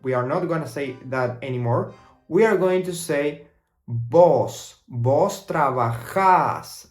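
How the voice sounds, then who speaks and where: A young man from Argentina with an Argentine accent, a native Spanish speaker teaching a language lesson in English. He slows right down to model each Spanish word and repeats it twice. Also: fairly high pitch. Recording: roomy echo.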